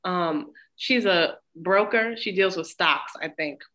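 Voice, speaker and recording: A woman's voice: on the low side, takes it slowly, a bit bright. A woman co-hosting a podcast in casual, playful chat, laughing often. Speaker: podcast co-host.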